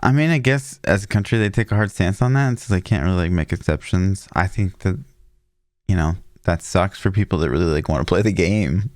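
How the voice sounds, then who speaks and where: Male podcast co-host: very deep voice, dry close mic, laid-back storyteller. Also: brisk, darkish tone, dry recording. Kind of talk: casual gaming podcast chat.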